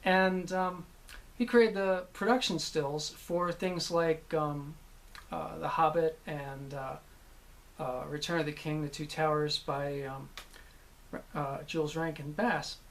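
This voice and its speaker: A man, a voice actor, casually recalling his work, rambling with many pauses and restarts. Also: fairly high pitch, fairly even intonation. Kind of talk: casual anecdotal talk.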